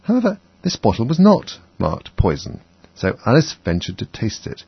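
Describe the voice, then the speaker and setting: A man's voice: mid-range voice, wildly swooping pitch, normal speed, slightly rough, no room sound. A man narrating a children's storybook expressively as an audiobook, on a dull, dry recording.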